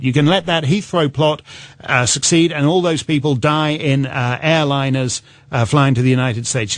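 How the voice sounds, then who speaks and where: Filling in as host on talk radio, a medium-pitched man rambles and mocks his way through political topics, breaking into laughter at his own remarks and doing silly voices for quotes. There's no echo on the recording.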